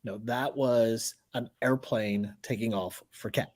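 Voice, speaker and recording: A man's voice: mid-range voice, fairly even intonation, takes it slowly, dry recording, studio quality. A man in his forties co-hosting a podcast in casual chat, laid-back, laughing and swearing freely. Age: 40s. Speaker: podcast co-host.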